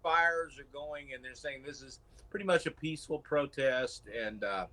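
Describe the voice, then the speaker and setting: Man in animated casual talk. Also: mid-range voice, normal speed. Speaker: co-host. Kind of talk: casual talk-show conversation.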